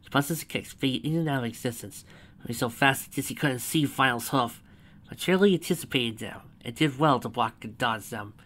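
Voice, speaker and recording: A man's voice: medium pitch, a little fast, fairly bright tone. A man reading a fanfiction story aloud, adding chatty asides between the narration.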